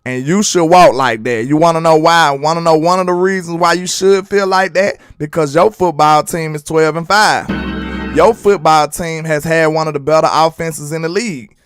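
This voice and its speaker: A young man, hosting a fan sports commentary livestream, animated and preachy, firing off rhetorical questions. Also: on the high side, normal speed, clean tone, dry recording, faint music behind. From Alabama, US.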